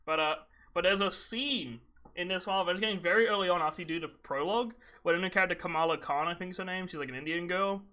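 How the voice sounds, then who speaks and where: A man's voice: high voice, fast talker, bright, forceful tone. A young man co-hosting a casual gaming podcast, mocking and profane, laughing often. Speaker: podcast host.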